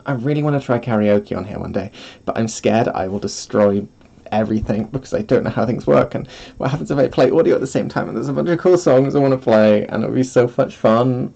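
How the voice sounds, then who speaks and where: Streamer, male: chatty, giggly, rambling, self-deprecating, ordinary pitch, close-miked. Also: fairly quick, creaky, dark tone, lo-fi sound. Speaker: vtuber streamer. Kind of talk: casual livestream chat. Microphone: streaming mic, close.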